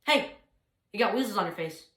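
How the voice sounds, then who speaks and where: A young woman voicing a sweet, quirky sweetheart in a comic monologue, speaking softly. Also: mid-range voice, expressive, a little fast, roomy sound, close to an everyday voice.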